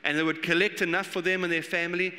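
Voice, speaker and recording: A man preaching a sermon as pastor, animated and acting out the voices he quotes. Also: sits high, quick pace. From South Africa. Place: church hall. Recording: long church hall reverb.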